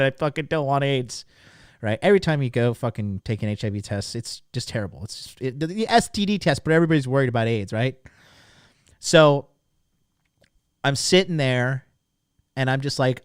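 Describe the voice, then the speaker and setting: Male stream host, mid-pitched, crude and animated storyteller, dry close sound. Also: no room sound. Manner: crude, animated, swears freely. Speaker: livestream host. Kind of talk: casual storytelling to live chat. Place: lived abroad in Japan.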